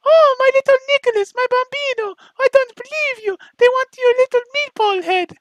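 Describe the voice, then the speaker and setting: A man's voice: extremely high pitch, normal speed, a bit bright, dry recording, highs cut off, pitched above the performer's own voice. A man putting on the fussy, cooing voice of a doting, overbearing Italian mother.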